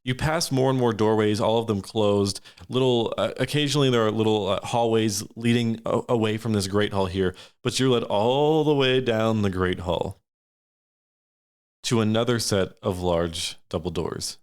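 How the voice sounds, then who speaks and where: A low-voiced man runs a tabletop fantasy game as game master. He narrates scenes at length, often circling back and restarting his sentences as he describes them. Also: moderate pace, clean tone. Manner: descriptive, many fillers and restarts.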